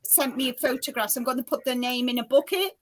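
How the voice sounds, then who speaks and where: Chatty South African woman, high voice. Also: quick pace. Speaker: livestream host. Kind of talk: casual livestream chat.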